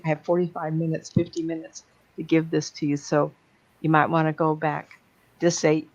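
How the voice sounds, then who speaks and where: A woman working as a psychic medium addresses an audience bluntly and plainly. Her voice sits low and creaky, captured in a dull lo-fi recording.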